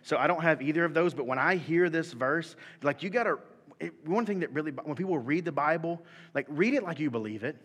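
Animated pastor in an echoing hall. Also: male voice, on the high side, a little fast, breathy edge. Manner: animated, swings from soft to shouting. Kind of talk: sermon. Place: church hall. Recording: long hall reverb.

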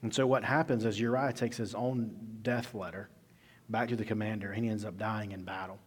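A male pastor preaching a sermon in a conversational storytelling manner, swinging between loud emphasis and quiet asides, recorded in an echoey church hall. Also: fairly low pitch, steady tone, fairly quick, breathy edge.

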